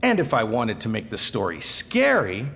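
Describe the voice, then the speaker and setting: A man teaching how to tell stories, demonstrating with his voice as he goes, from fast and excited to slow and hushed. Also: fairly low pitch. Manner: expressive, shifting between fast excited and slow hushed delivery. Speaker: storytelling teacher. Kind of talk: instructional talk with dramatic demonstrations. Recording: echoey hall with faint noise.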